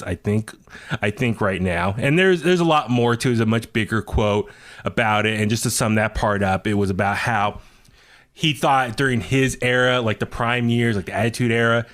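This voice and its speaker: A man's voice: mid-range voice, fairly bright tone. A man hosting a podcast in casual chat, rambling with many fillers and restarts as he reads quotes aloud. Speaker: podcast host.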